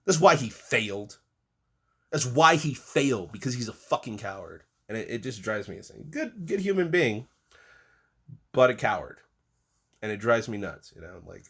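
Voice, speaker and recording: A man's voice: lowish voice, animated, normal speed. Profane, exasperated man ranting. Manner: profane, exasperated, mocking, swinging between shouting and muttering. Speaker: political commentator. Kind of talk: angry political rant.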